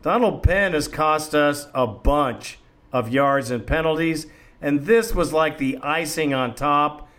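A man's voice: fairly high pitch, slow. A man hosting a call-in fan show, chatting casually and chummily with callers. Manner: relaxed, chummy, laughs with callers. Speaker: host.

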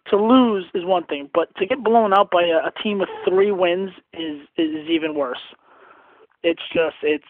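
A man's voice: high-pitched, dry recording. A man calling in from Pennsylvania to a fan talk show, ranting in disgust and repeating himself. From Scranton, Pennsylvania. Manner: disgusted, repeats words like pathetic and embarrassing. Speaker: caller. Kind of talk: angry fan call-in rant. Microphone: phone. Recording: tinny phone line.

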